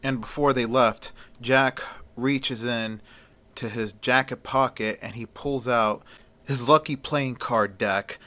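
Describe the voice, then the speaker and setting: A man's voice: medium pitch, steady tone, slow pace, sharp tone. A man telling a story casually, in an easygoing, folksy way. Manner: folksy, often opens with "well".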